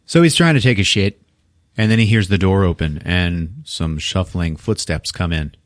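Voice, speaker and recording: A man's voice: low voice, normal speed, dry recording, studio quality. A man hosting a podcast, casually retelling a film scene by scene with swearing, quoted lines and laughter, speaking into a podcast microphone. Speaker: podcast host.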